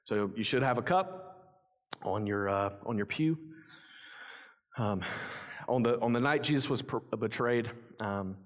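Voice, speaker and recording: A young man preaching a sermon as pastor, telling a story in quick run-on clauses, then turning quiet and earnest to lead communion. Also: medium pitch. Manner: quiet, earnest near-whisper leading communion. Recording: long hall reverb.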